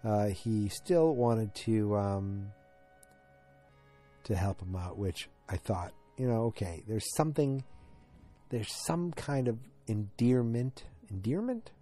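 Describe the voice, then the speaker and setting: A man's voice: fairly low pitch, takes it slowly, dark tone, faint music behind. A man giving a casual, rambling recap of a TV episode, with many ums and restarts. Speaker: TV episode reviewer.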